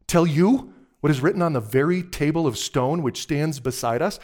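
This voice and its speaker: A man's voice: fairly high pitch, moderate pace, pitched above the performer's own voice, natural voice. A man voicing the White Witch, a cold, imperious queen who scornfully demands what she claims is hers. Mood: cold, demanding. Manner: commanding, scornful, rising to loud demands.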